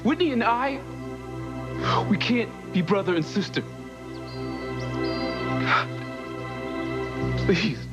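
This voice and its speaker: An actor playing a desperate young man who pleads in halting disbelief, with dramatic music behind. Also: sits high, wildly swooping pitch, muffled recording, heavily acted.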